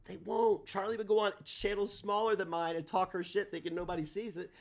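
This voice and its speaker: A man hosting a livestream, ranting in a combative, profane way, his delivery swinging between loud and soft. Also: high voice, level tone, fairly quick. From United States. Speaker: livestream host.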